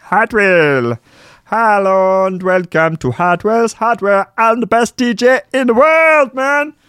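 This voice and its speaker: A man voicing a brash shop-advert announcer shouting a jingle-style pitch. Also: lively intonation, slow pace, clean tone, dry recording, clean studio sound, full character voice.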